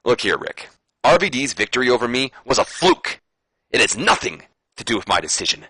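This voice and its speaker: A man's voice: mid-range voice, very animated, brisk, sharp tone, slightly rough, dry recording, exaggerated voice. A man voicing a stern, self-righteous male wrestling team captain with firm, lecturing lines. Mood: dismissive.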